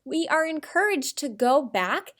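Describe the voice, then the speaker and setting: Woman teacher, high voice, lively and expressive lesson for little kids. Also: a little slow. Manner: animated, expressive, speaking to young children. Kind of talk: children's writing lesson.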